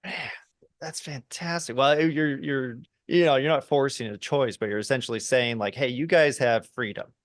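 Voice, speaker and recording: A man's voice: mid-range voice, moderate pace, no room sound, clean studio sound. A man hosting a podcast, speaking in a thoughtful, casual way in long reflective sentences. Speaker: podcast host. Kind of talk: casual interview chat.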